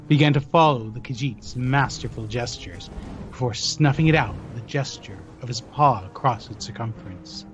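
A man narrating a fantasy audio drama in a measured storytelling manner. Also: medium pitch, dull audio.

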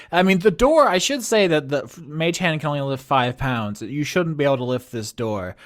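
Guy running a tabletop game, chatty, laughs at himself a lot, average pitch. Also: a bit bright. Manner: chatty, self-deprecating, laughs often. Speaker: game master.

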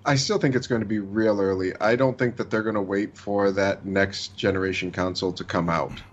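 A man co-hosting a podcast, reading a listener email and chatting in a measured way. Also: lowish voice, fairly even intonation, a little hiss or hum. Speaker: podcast co-host. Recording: dull lo-fi sound.

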